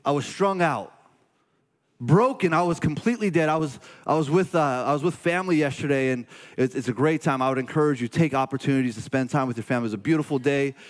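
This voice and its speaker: A man in his forties, a pastor, preaching a sermon in an earnest, halting way that turns emotional and confessional. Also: mid-range voice, long reverb tail.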